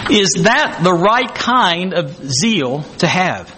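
Lively high-voiced male preacher. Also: a little hiss or hum, rough recording. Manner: emphatic, drawn-out stresses on key words; rhetorical questions to the congregation. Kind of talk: sermon.

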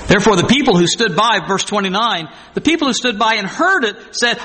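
A man's voice: sits high, fast, few pauses, bright, forceful tone. A man preaching a sermon, stressing his points by repeating phrases and acting out the scripture he quotes. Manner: acts out scripture quotes dramatically.

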